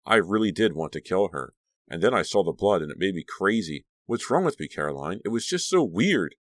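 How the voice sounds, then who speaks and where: A man's voice: low voice, sing-song, a little fast, dry recording, clean studio sound. A man voicing a fierce, frightened teenage girl in an audiobook, with a breathless, agitated delivery. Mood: shaken.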